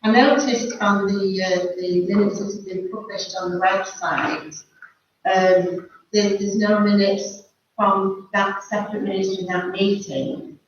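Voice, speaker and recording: A man's voice: high voice, steady tone, measured pace. A man from the public arguing his point at a council meeting, insistent and interrupting, and often repeating himself. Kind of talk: public comment and debate at a meeting. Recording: echoey room, far from the mic, dull sound, faint noise.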